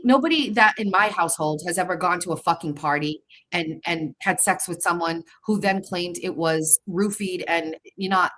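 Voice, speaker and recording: A woman's voice: fairly low pitch, fairly bright tone, rough recording. A young adult woman, hosting her show in a heated, profane monologue, repeating herself as she pushes back at critics. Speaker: show host.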